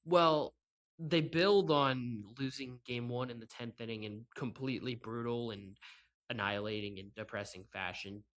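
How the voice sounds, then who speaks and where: Alone on his sports podcast, a man rants with sarcasm and exasperation, frequently breaking into laughs. His mid-range, slightly bright voice moves at a moderate pace, picked up by a microphone set up with a laptop and camera.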